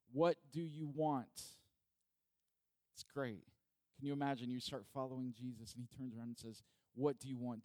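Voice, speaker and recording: Male pastor, middle pitch, dry close sound; conversational sermon heavy on rhetorical questions. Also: dry recording.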